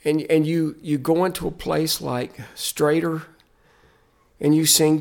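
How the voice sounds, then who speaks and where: A man's voice: on the high side, fairly even intonation, unhurried, creaky. A man, a Christian musician, telling stories in a podcast interview with an earnest, emphatic, preacher-like cadence.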